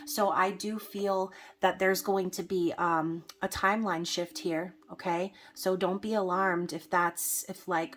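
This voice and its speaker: A woman's voice: lowish voice, a bit bright. A woman giving a casual tarot reading to camera, chatty and filling her talk with "um" and "okay?". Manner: chatty, frequent fillers and "okay?" check-ins. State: hiccups. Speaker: tarot reader.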